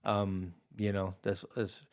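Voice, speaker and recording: A man in his forties from Hawaii, guest on a podcast, who talks in a low-pitched, easygoing voice. He drifts through long personal stories in casual conversation, dropping plenty of "dude" and "you know" along the way. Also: completely flat delivery, takes it slowly, a little mellow. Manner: laid-back, rambling, peppered with "dude" and "you know".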